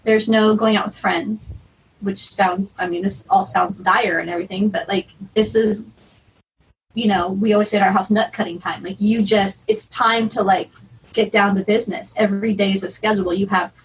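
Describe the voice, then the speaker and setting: A middle-aged woman, a podcast guest with a breathy voice, speaking in a practical, matter-of-fact way. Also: medium pitch, fairly even intonation, moderate pace, a little hiss or hum. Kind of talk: conversational interview. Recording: distant from the mic.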